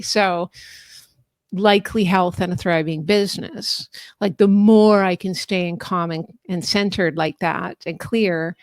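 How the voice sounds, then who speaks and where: Woman coach, mid pitch, friendly teacher's manner, dry video-call sound. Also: dry recording. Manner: friendly, instructive, laughs often. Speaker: life coach and author. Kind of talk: explaining a coaching method in a live online talk.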